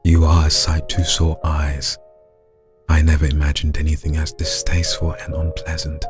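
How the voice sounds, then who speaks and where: A man voicing a gentle figure who delivers cruel insults in a soft, soothing way. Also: rumbling low, completely flat delivery, moderate pace, music in the background. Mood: mock-soothing.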